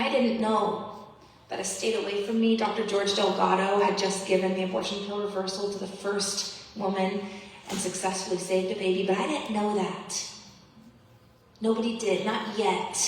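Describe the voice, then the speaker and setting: A woman's voice: medium pitch, slight background noise. A woman delivers a heartfelt keynote testimony, pressing her points with earnest, repeated pleas. Her mid-range voice comes from some distance off the microphone and rings through a large, reverberant hall with a long tail. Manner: earnest, pleading, emphatic repetition. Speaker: keynote speaker. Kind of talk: impassioned personal testimony speech. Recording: echoey hall, voice from far off.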